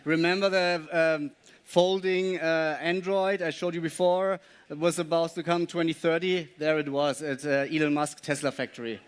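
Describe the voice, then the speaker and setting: A man gives a live presentation, walking his audience through slides. His voice sits a little high and comes across smooth and clear, and he pauses often as he explains and invites questions.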